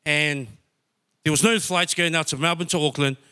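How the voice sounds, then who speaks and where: Bright-voiced man sharing a heartfelt testimony. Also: fairly high pitch, fairly even intonation, normal speed, clear, resonant tone. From New Zealand. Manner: heartfelt, emotional storytelling. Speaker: church member sharing testimony. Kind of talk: personal testimony.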